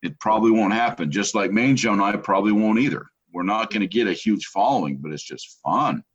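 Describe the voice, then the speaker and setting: A man co-hosts a podcast in relaxed, teasing chat. His voice sits low, and the recording sounds dull and lo-fi. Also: fairly quick, husky. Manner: chatty and teasing, upbeat. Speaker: podcast co-host. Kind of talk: casual chat.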